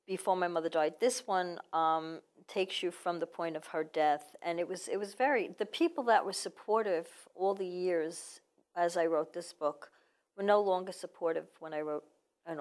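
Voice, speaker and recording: A woman author telling her personal story in an earnest, reflective way during an interview. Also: on the low side. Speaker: author guest. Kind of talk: casual interview.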